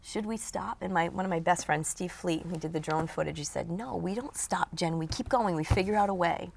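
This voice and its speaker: A woman guest in an interview, telling a story in an animated way and acting out what people said. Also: on the low side, a little fast, gravelly. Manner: animated storyteller, acts out quotes.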